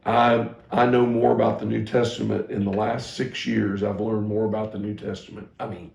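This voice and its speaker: Gravelly middle-aged pastor in an echoey room. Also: male voice, on the low side, level tone, moderate pace, a little mellow. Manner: candid, self-deprecating storytelling with frequent restarts. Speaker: pastor and teacher. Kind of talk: personal teaching talk to ministry staff.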